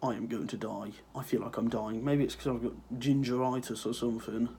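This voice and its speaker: A man's voice: mid-range voice, fairly even intonation, brisk, warm tone, a little hiss or hum. A teenage lad with a cold, sniffling through a rambling, sarcastic rant to his viewers. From Ireland. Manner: sarcastic, rambling, swears freely. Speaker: vlogger. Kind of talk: casual ranting vlog.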